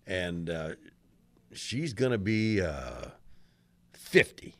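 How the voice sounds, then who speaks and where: A man's voice: low-pitched, sing-song, very slow, a bit bright, dry recording. A man co-hosting a radio show in casual banter, often hesitating with fillers while he thinks. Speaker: radio co-host.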